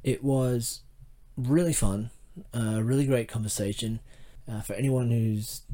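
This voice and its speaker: A man's voice: medium pitch, fairly even intonation, measured pace, warm tone. Chatty Australian man hosting a podcast. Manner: chatty, upbeat, many fillers and restarts. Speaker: podcast host. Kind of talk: casual podcast interview.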